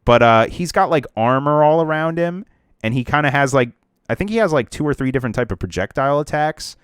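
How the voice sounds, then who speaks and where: A man's voice: on the high side, animated, fairly quick, clear, resonant tone, dry recording, studio quality. A young man co-hosting a casual podcast about video games, rambling with lots of fillers and restarts. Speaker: podcast co-host.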